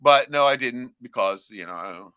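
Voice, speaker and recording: A middle-aged man ranting crudely and loudly on a casual livestream, a few beers in. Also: mid-range voice, expressive, brisk, clear, resonant tone, no room sound, studio quality. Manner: profane, rowdy, loud ranting. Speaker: livestream host.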